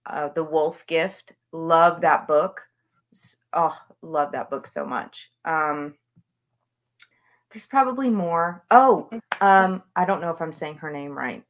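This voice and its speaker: A woman's voice: low voice, slow. A woman author chatting as an interview guest, talking with gushing enthusiasm about books she loves. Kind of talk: casual interview chat.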